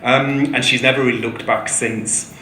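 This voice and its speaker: A man's voice: steady tone, moderate pace, bright, forceful tone. Hesitant man in an echoey hall. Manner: hesitant, many ums. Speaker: event host introducing the speaker. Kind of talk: formal stage introduction. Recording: echoey hall with low rumble.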